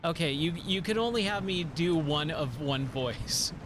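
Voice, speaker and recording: A tired, hoarse man chatting casually while live-streaming a game, rambling and repeating words. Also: a little high, expressive, measured pace, music in the background.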